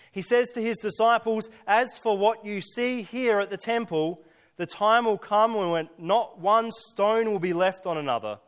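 A pastor preaching a sermon, earnest, with slow emphatic lists and rhetorical questions. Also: male voice, sits high.

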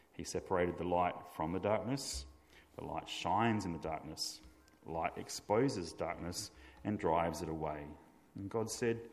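Male preacher, deep register, deliberate and emphatic, echoing sanctuary. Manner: measured, emphatic preaching delivery. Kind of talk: sermon.

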